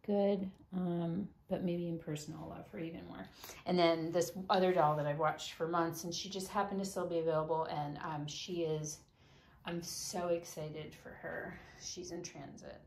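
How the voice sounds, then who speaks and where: A woman talks to camera in a relaxed, chatty way, her fairly low voice carrying a gravelly fry. She often slips into soft whispers. A faint background hiss sits under the recording. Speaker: doll collector vlogger. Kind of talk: casual chat to camera.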